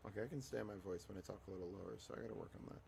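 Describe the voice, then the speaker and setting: A man's voice: fairly low pitch, racing, gravelly, darkish tone. A man with a scratchy voice chatting casually on a livestream, rambling to himself as he fiddles with settings.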